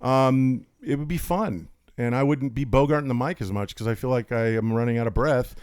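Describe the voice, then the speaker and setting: High-energy talkative man, dry sound. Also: fairly quick, a little mellow, clear, resonant tone, no room sound. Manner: high-energy, talkative, jokey, does voices for quotes. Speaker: podcast guest. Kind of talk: rambling storytelling chat.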